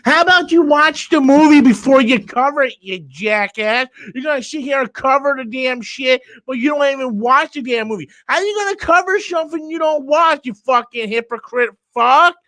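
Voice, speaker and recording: A man's voice: very high-pitched, normal speed, hardly any pauses, pushed and bright, no room sound, voice pushed up. A man voicing an angry, foul-mouthed male internet troll who rants and sneers. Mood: mocking rant. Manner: sneering, ranting, profane.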